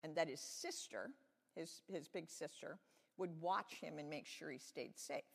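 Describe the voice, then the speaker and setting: A woman's voice: low voice, a little slow, gravelly, in a large hall. Woman telling a children's sermon. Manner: friendly, explaining simply to children. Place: church sanctuary.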